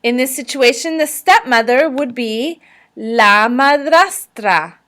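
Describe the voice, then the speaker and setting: A woman with a fairly high voice teaches vocabulary in a recorded slideshow lesson. She talks slowly and carefully, stopping often so listeners can repeat after her. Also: animated, fairly bright tone. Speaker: language teacher.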